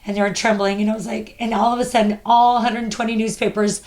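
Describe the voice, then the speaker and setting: A woman's voice: fairly high pitch, little pitch movement, fast talker, a little mellow. Earnest woman telling a personal story. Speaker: podcast host. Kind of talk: casual chat.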